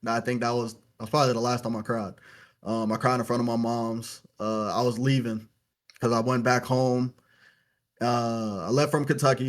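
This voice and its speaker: A man's voice: mid-range voice, a bit bright. A young man from Louisiana, a podcast guest telling his story in a casual, reflective way, with lots of "you know" fillers.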